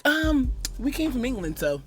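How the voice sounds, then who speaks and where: Halting, lively woman podcaster from Jamaica. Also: high-pitched. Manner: halting, many restarts. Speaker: podcast co-host. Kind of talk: casual chat.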